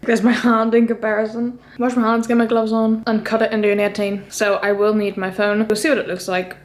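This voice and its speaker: Young woman, higher voice, casual home-kitchen vlogger, phone mic. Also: little pitch movement, fairly quick. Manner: chatty, exasperated asides to her dogs. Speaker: vlogger building a nutrition brand. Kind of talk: casual vlog narration.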